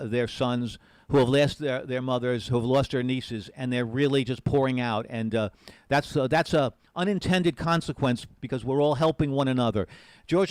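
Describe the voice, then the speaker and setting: A man at a desk mic hosts a live-streamed amateur radio event. His voice is smooth and resonant at a middle pitch. He talks earnestly and rambles, doubling back over his words, and the sound is dry and close. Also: no echo. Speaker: amateur radio special event station host. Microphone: desk mic with push to talk.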